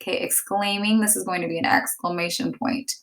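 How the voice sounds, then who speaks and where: A woman's voice: lowish voice, steady tone, brisk, a bit bright. A woman teacher explaining step by step and reading example sentences aloud. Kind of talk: classroom lesson.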